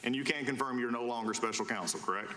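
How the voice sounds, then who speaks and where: A man's voice: mid-range voice, bright, forceful tone, a little hiss or hum. A man questioning a witness at a hearing, pressing and repeating points. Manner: fast-talking, pressing, repeats points slowly. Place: large hearing room. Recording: echoey hearing room.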